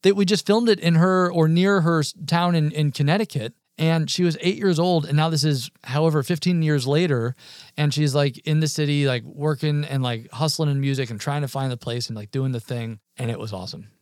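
A man hosting a casual podcast, an animated storyteller who acts out the voices of the people in his anecdotes. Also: a little high, a little fast, dry recording, clean studio sound. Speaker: podcast host, musician. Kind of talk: casual chat.

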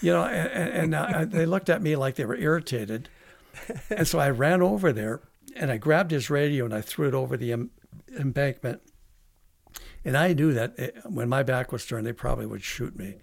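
A man, a veteran guest on a podcast, telling a long story in a halting way with many restarts. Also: mid-range voice, lively intonation, creaky, dry recording. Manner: halting, with frequent restarts and fillers. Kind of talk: casual storytelling interview.

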